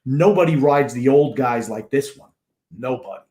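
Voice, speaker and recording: A man's voice: medium pitch, normal speed, darkish tone. Joking male podcast co-host in an echoey room. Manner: joking, reassuring. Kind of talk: call-in sports talk.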